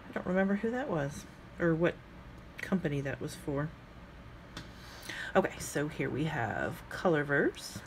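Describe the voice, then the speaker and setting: Chatty woman musing aloud, lowish voice. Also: expressive, measured pace, long pauses, a little hiss or hum. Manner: chatty, musing aloud, thinks out loud with frequent fillers; talks to herself while working with her hands. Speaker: fountain pen ink vlogger. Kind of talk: casual chat while swatching inks.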